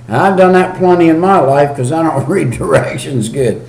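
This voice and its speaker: A man preaches a homemade video sermon in a folksy, repetitive way. He reads scripture slowly and then explains it in plain talk. His voice sits a little high and bounces around a reverberant room. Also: animated, creaky, a little mellow. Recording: echoey room.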